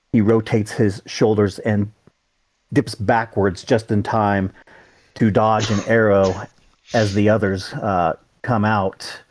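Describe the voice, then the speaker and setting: A man playing in a tabletop role-playing game, speaking slowly and deliberately as he voices and narrates his character. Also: fairly low pitch, a little mellow. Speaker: player.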